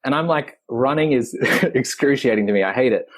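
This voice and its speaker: A man, a physical therapist guest on a podcast, explaining in a reflective way with the odd soft laugh. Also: medium pitch, brisk. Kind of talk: conversational podcast interview.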